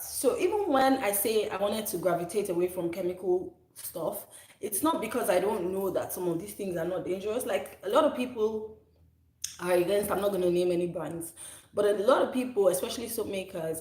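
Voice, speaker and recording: In an echoey room, a woman in her thirties who makes soap and hosts a channel talks casually with a mid-range, darkish voice. Her talk wanders, and she often goes back to correct herself.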